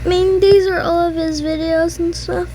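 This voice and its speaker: A woman casually chatting as she reacts to videos, in a slow, unhurried way. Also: extremely high pitch, level tone, mellow, slight background noise. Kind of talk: casual chat.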